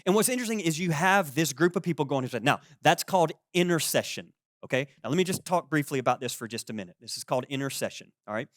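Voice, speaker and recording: Pastor guy in his 40s preaching, chatty and animated, dry close sound. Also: fairly high pitch, fast, no echo. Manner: conversational, animated, acts out quoted voices. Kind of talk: sermon.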